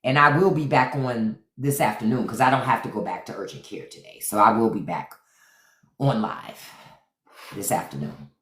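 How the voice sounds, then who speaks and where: A woman's voice: extremely low pitch, normal speed, a bit bright. A woman hosting a live stream, giving casual, sassy commentary straight to her viewers. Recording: echoey room.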